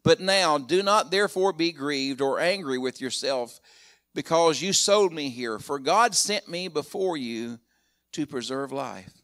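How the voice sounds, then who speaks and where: Bright-voiced man preaching a story sermon. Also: animated, unhurried. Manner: storytelling retelling of scripture, acting out quotes; builds up loud and high at key points. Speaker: pastor.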